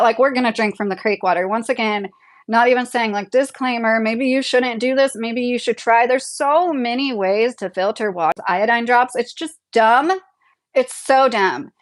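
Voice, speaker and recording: A woman's voice: on the high side, normal speed. Young woman doing a live chat from home, reads comments out, laughs a lot, pretty opinionated. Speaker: livestream host. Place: home, a double-wide trailer.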